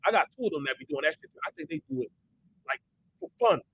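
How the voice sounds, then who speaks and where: Male host, parent, heated rant; bright, lively, swears and shouts. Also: high-pitched, quick pace, creaky, a little hiss or hum, poor audio. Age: adult parent. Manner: profane, emphatic, repeats himself; swings into a shout when worked up.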